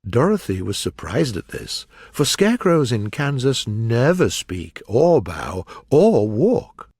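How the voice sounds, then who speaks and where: Man, audiobook narrator, clear and measured, lively pitch, dry close sound. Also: no echo. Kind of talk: storybook narration for learners.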